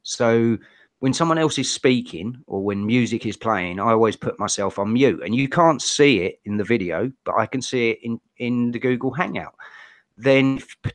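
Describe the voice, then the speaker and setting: A man speaking as a guest on a casual livestream, easygoing and soft-spoken, patiently explaining things. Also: medium pitch, no echo.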